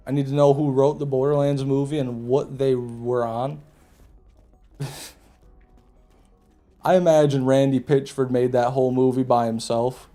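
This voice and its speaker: A male streamer talks casually over his gameplay, cracking crude jokes and greeting viewers as they chat. His voice is mellow and mid-pitched, with faint game music running underneath. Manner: profane, joking, laughs at his own jokes; chats with viewers while playing. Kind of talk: casual live gameplay commentary.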